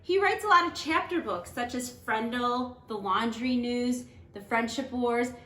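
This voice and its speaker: A woman teacher reading a picture book aloud to children, slow and emphatic as she counts out syllables. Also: on the high side, fairly bright tone, echoey room. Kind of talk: lesson and read-aloud for children.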